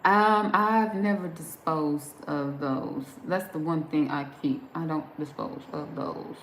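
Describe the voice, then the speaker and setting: A woman's voice: deep voice, steady tone, slow pace, a bit bright. A woman from New Jersey with a Southern accent, rambling and laughing as she chats with viewers on a live stream. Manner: chatty, rambling, laughs often. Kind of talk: casual chat reading viewer comments. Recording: echoey room with faint background noise.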